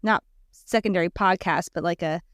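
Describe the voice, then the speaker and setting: A woman's voice: lowish voice, moderate pace, no room sound, clean studio sound. Giggly woman co-hosting a podcast. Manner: chatty and giggly. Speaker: podcast co-host. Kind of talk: casual conversational commentary.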